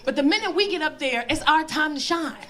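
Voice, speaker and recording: A middle-aged woman doing a stand-up comedy set, telling stories loudly with lots of put-on voices, on a club stage with a handheld mic. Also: high voice, brisk. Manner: bold, loud, animated storytelling with put-on voices. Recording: live club recording with crowd laughter.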